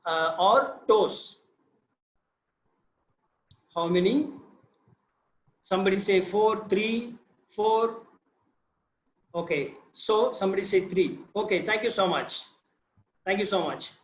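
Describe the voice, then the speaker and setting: An Indian man with a notably high voice tells the story of his field research in an animated, informal way, stopping to quiz his listeners. He speaks over a video call, and the room around him sounds echoey. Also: slow, pauses often. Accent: Indian English. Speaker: field biologist sharing research. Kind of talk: informal talk on a video session. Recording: roomy echo.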